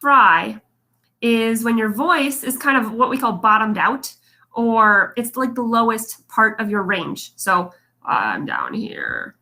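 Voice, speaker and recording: A woman's voice: on the high side, a little slow, bright, forceful tone. A young adult woman vocal coach giving a casual livestream lesson, chatty and encouraging.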